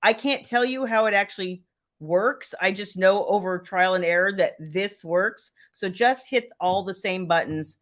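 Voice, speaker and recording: A woman's voice: medium pitch, a little slow, a bit bright. A woman, chatting casually and laughing as host of a livestream. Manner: chatty, laughing, Southern "y'all". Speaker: romance author and livestream host.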